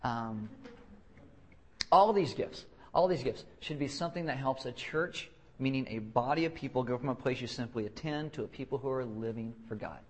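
A young man preaching a casual, joking sermon who restarts his sentences and keeps acting out quick voices to make his point. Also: mid-range voice. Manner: joking, self-deprecating, acts out quick voices; halting restarts and repeated words. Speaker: pastor.

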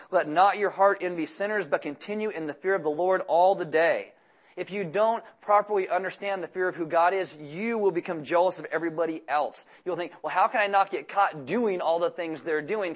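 A man preaching to his church in an easy, chatty way, dropping deadpan jokes between the verses he reads. His voice sits a bit higher than most men's. He sounds like a pastor talking straight to his own people. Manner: conversational, joking asides between scripture readings. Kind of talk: sermon.

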